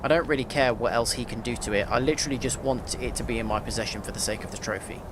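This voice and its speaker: A man's voice: medium pitch, very fast, noisy background. A man streaming a game, chatting casually and rambling with lots of filler words. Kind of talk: casual live gameplay chat.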